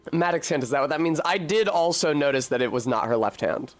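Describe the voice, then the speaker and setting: A man's voice: fairly high pitch, animated, quick pace, faint music behind. A man giving casual, profane, jokey commentary while playing a game on stream.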